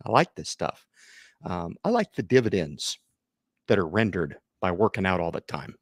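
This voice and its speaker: Middle-aged male stream host, lowish voice, dry close sound, rambling and chatty. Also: normal speed, no room sound. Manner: rambling, animated, talks straight to viewers. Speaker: investing channel host. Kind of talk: casual livestream chat.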